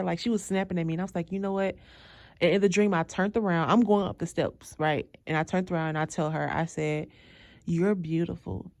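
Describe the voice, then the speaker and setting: A woman telling a dream in casual chat, animated and laughing, acting out her own lines. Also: low-pitched, no echo, studio quality. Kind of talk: casual storytelling.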